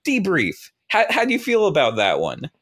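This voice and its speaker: Animated, playful improv storyteller man. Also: on the high side, normal speed. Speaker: improv podcast host. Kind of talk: improvised comedy narration.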